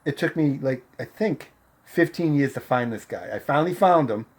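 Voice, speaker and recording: A man's voice: medium pitch, animated, normal speed, darkish tone, husky. A middle-aged man from Massachusetts telling a personal story in a casual, profane way, laughing as he goes and acting out what people said. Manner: profane, laughs through the tale, acts out the voices.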